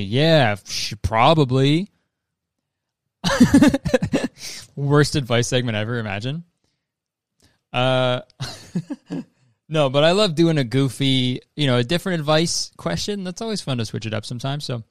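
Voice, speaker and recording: A man's voice: medium pitch, animated, measured pace, long pauses, clear, resonant tone, no room sound, clean studio sound. A man hosting a podcast in casual, rambling chat, swearing freely and laughing often. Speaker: podcast host.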